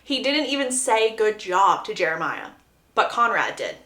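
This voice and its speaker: A woman doing a casual book recap with animated, gossipy storytelling. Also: fairly high pitch, normal speed, echoey room.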